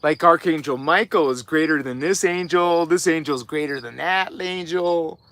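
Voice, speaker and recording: A man with a high voice preaches on a live spiritual stream, and his tone comes across sharp and forceful. He talks emphatically, circles back over his points and breaks into mocking asides. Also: moderate pace. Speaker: spiritual teacher and channel host. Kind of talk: live spiritual teaching talk.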